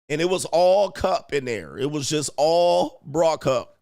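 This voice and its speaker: A man with a gravelly voice pitched somewhat high riffs crudely to his viewers, talking in heavy slang. He keeps acting out what he and others would say, with loud, animated shifts in delivery. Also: normal speed. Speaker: podcast host. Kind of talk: crude comedic riffing to a live chat.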